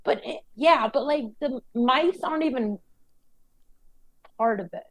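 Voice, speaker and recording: A woman's voice: high-pitched, a little slow, no echo. A woman co-hosting a podcast in casual, profane chat, laughing often. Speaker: podcast co-host.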